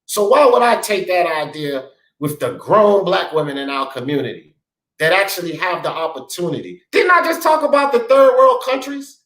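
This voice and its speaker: A man's voice: sits high, very animated, moderate pace, a bit bright, roomy sound, poor audio. A man hosting a talk show, ranting bluntly and profanely in heated commentary. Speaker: sports talk show host.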